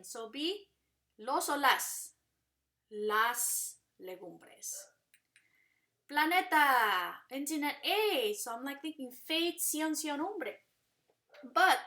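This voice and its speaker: A woman teaching a recorded language lesson, patiently drilling memory rhymes, asking quick check-in questions, and slowing right down on the example words. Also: on the high side, pushed and bright. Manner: slows down sharply on example words. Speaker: Spanish teacher.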